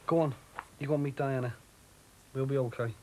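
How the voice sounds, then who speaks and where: An actor playing a kindly teasing dad. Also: male voice, mid-range voice, fairly even intonation, fairly quick, noisy background, close to an everyday voice. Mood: reassuring. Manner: gently teasing, reassuring. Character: young father, kind and teasing. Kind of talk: soap opera acting.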